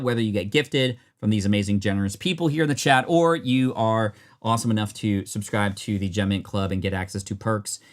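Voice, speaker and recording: A man chatting casually on a live stream, upbeat and reading out his chat. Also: lowish voice. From United States. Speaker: streamer opening card packs.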